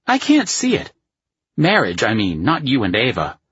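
A man voicing a brash, crude young friend who teases and swaggers, raised and loud. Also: medium pitch, huge pitch swings, normal speed, husky, no room sound, highs cut off, pitched above the performer's own voice, full character voice. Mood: brash, teasing.

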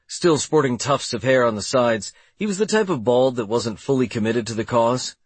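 A man reads a first-person audiobook with a wry, sardonic delivery. His voice sits at an average pitch with a husky texture, and the recording is dry and close. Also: moderate pace, no room sound. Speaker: audiobook narrator.

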